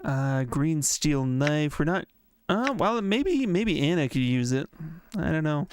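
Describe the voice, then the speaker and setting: A man chatting casually while streaming a game, thinking out loud and reading the game text aloud. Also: a little high, very animated, takes it slowly, slight background noise. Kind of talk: casual let's-play commentary.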